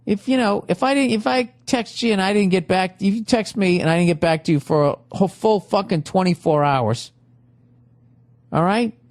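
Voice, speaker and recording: A man's voice: sits high, moderate pace. A middle-aged man, hosting a podcast and giving casual, profane, sarcastic advice. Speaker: podcast host.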